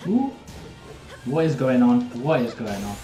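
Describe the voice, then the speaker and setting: A young man, chatting easily with his viewers as he plays live and talks through each round. His voice sits at an ordinary middle pitch and carries a roomy echo. Faint game music plays beneath him. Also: sing-song, a little slow. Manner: casual, chatty, talks to viewers while playing. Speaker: streamer. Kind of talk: live gameplay commentary.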